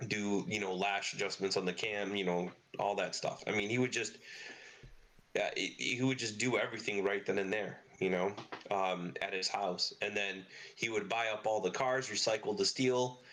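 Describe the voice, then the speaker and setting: Middle-aged man telling rough, swearing stories. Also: lowish voice, fairly even intonation, normal speed, fairly bright tone. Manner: swears freely, rambling anecdotes with lots of fillers. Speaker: podcast guest, car parts business owner. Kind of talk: casual storytelling interview.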